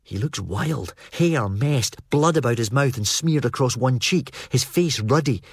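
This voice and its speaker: A man narrating a first-person novel as an audiobook, in a steady, even storytelling manner. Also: mid-range voice, unhurried, slightly rough, dry recording.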